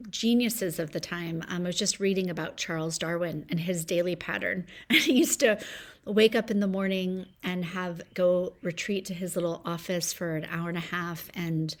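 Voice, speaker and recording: A woman in her forties hosting a solo podcast from home, talking in a reflective, upbeat way. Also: fairly low pitch. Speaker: podcast host.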